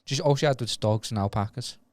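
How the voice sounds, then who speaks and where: A man's voice: mid-range voice, quick pace, a little mellow, dry recording. A young man with a Glaswegian Scottish accent, hosting a casual podcast chat and telling stories in a joking way. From Scotland. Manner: chatty storyteller, swears and laughs. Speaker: podcast host.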